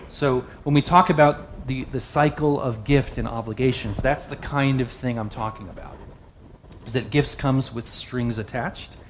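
Man, sermon, mid pitch, conversational, asks the room questions, faint background noise. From the West. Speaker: preacher.

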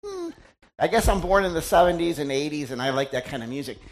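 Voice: mid-range voice, animated, fast talker. A middle-aged pastor giving a conversational sermon, chatty and teasing, often quizzing the congregation.

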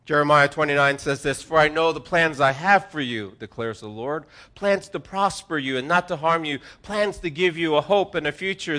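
A pastor preaching to his congregation, his somewhat high voice bright and forceful. He is earnest and preacherly, dropping to a hush, then rising to emphatic stress. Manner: swings from hushed to emphatic. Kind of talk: sermon.

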